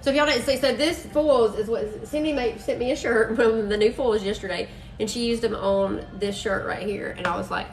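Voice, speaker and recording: A woman's voice: fairly high pitch, moderate pace, gravelly, recorded from a distance, low-quality recording. A woman hosting a chatty live-stream crafting demo, bubbly and full of "y'all". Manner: bubbly, says "y'all" and "freaking" a lot. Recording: voice a bit off-mic, faint music behind.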